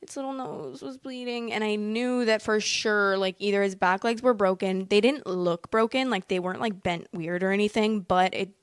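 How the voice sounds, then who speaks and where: A woman's voice: medium pitch, fairly even intonation, moderate pace, hardly any pauses, clean tone, dry recording, clean studio sound. A woman telling a personal story in a casual, rambling way, packed with fillers and emotional asides. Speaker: vlogger.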